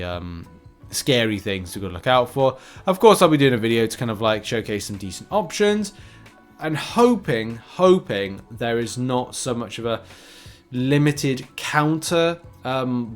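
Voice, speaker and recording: A man hosting a casual gaming news roundup, chatty and rambling, with frequent fillers and restarts. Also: medium pitch.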